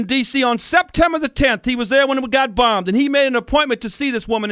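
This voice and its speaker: Angry, bright-voiced talk radio man. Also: very high voice, clear, resonant tone, no echo, studio quality. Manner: angry, fired-up ranting, addresses listeners as folks. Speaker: radio talk show host. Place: radio studio.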